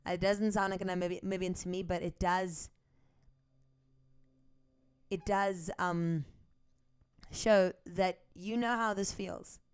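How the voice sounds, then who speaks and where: A woman's voice: on the low side, fairly even intonation, takes it slowly, pauses often, clear, resonant tone, no echo, studio quality. A South African woman vlogger giving opinion commentary, asking a string of pointed rhetorical questions to her viewers.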